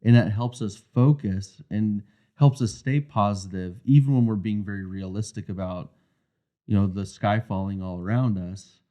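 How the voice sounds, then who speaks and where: A man's voice: on the low side, fairly even intonation, moderate pace, mellow. A man co-hosting a marriage coaching podcast, talking in an earnest, reflective way. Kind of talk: casual podcast conversation. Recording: dull, muffled lo-fi sound.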